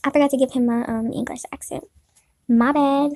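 A young woman gives playful, sassy commentary over a game she is playing. Her voice sits high and sounds mellow. She uses a lot of slang. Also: fairly even intonation, fairly quick, no echo, clean studio sound. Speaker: gaming YouTuber. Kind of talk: gameplay commentary, reading dialogue aloud.

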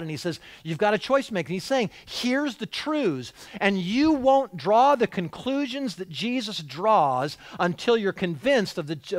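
A man's voice: high-pitched, no echo, clean studio sound. A male pastor preaching a sermon in a church, talking in a conversational yet emphatic way, often repeating and restarting phrases. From United States.

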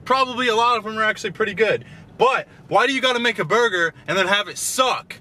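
A young man vlogging a casual food review, animated and ranting with loud exclamations. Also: sits high, quick pace. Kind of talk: casual vlog chat.

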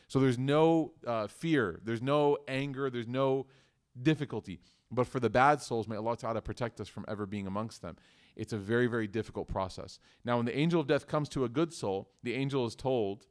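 A man's voice: mid-range voice, fairly quick. A man teaching a religious class, talking casually and asking the students questions as he goes. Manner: conversational, asks the class questions. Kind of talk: interactive class lecture.

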